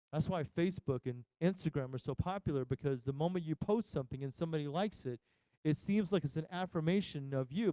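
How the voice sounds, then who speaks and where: Male pastor, sermon, mellow voice, dry close sound, talks straight to listeners. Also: on the high side, smooth, dry recording, rough recording. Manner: talks straight to listeners, asks questions, pauses for effect. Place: church.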